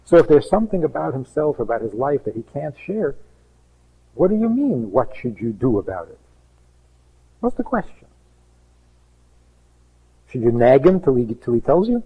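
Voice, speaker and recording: Husky rabbi over a phone-thin line. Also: male voice, medium pitch, big pitch swings, moderate pace, pauses often, narrow, tinny audio. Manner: emphatic, rhetorical questions, acts out quoted voices. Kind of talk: teaching talk on relationships.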